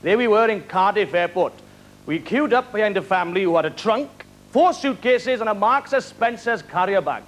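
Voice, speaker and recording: A Welsh man doing stand-up comedy on a live talent show, firing off quick one-liners and chuckling at his own jokes. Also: sits high, animated, rough recording. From Wales. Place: television studio stage before a live audience. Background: studio audience laughter.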